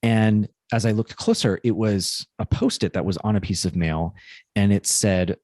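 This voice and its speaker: A male podcast co-host telling a personal story in a casual, thoughtful way, often halting and restarting. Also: fairly low pitch, darkish tone, dry recording, studio quality.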